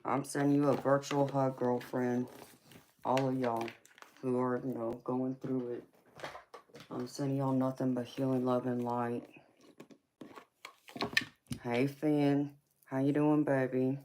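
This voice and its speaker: A woman's voice: very deep voice, little pitch movement, slow pace, long pauses, warm tone, slight background noise. Lady reading tarot on a live stream, sleepy, calls everybody honey, casual chatty talk. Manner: affectionate, calls viewers honey and girlfriend. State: tired from little sleep. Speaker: tarot reader hosting a livestream. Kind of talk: casual livestream chat.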